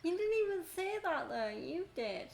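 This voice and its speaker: A woman's voice: very high voice, big pitch swings, normal speed, gravelly, roomy sound, soft background music. A woman, chatting with a friend during a game stream in short, laconic remarks. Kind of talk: casual chat.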